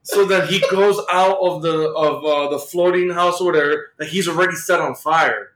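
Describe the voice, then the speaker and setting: Guy on a podcast rambling through a comic plot, lots of likes and uhs, kinda high voice. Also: normal speed, fairly bright tone. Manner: rambling, many fillers like "like" and "uh". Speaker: podcast co-host. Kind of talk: casual chat retelling a comic plot. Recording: roomy echo.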